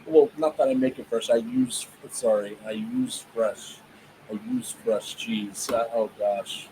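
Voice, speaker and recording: A man's voice: medium pitch, fairly even intonation, background noise. A man hosting a reaction video, laughing often and groaning at the cooking. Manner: laughs a lot, drawn-out dismayed remarks. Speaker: channel host reacting. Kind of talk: casual reaction commentary.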